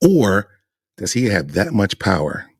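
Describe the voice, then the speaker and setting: A man's voice: fairly low pitch, sing-song, a little slow, husky, no room sound, studio quality. A man hosting a podcast, giving emphatic opinion commentary full of rhetorical questions. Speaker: podcast host.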